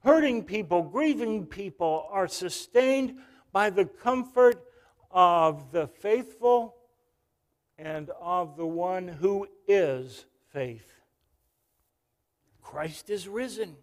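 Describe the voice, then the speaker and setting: A man's voice: sits high, lively intonation, slow pace. A male pastor preaching a sermon, telling a story and calling out to the congregation.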